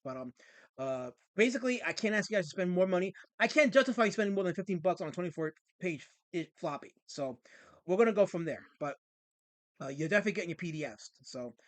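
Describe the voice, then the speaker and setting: High-voiced man, sarcastic livestream host. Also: lively intonation, fast, dry recording. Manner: sarcastic, mock-offended, ranting. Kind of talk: casual livestream chat reading viewer comments.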